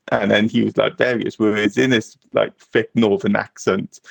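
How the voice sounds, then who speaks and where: A man co-hosting a podcast, telling a story in a halting way and laughing as he goes. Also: fairly low pitch, flat delivery, creaky, breathy edge, dry recording. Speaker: podcast co-host. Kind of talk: casual storytelling.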